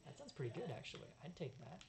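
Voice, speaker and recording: A woman's voice: low-pitched, sing-song, quick pace, gravelly, noisy background. A woman playing a story game, reading its text aloud and chatting casually. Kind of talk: let's play reading and commentary.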